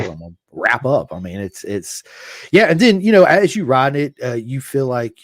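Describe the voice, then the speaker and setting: A man's voice: mid-range voice, normal speed, no echo, studio quality. A man hosting a podcast, telling motorcycle stories in casual conversation and acting out quoted lines. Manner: animated storyteller, acts out quotes. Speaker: podcast host.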